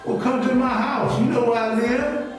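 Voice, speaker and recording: Fiery high-voiced man preaching in echo. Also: steady tone, moderate pace. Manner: scolding, repetitive, confrontational, dialect speech. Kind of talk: fiery sermon rebuke. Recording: very echoey room, distant from mic, faint music.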